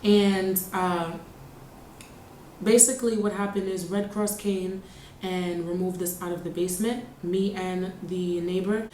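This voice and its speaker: A woman's voice: lowish voice, fairly even intonation, measured pace, dark tone. A young adult woman vlogger telling a personal story casually, bluntly and with emphasis, often swearing. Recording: echoey room, faint background hum.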